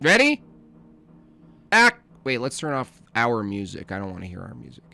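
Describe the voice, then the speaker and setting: A man's voice: mid-range voice, huge pitch swings, normal speed, gravelly. A man in absurd comedy banter, agreeing in a mock-profound way. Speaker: comedy podcast co-host. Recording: loud music behind.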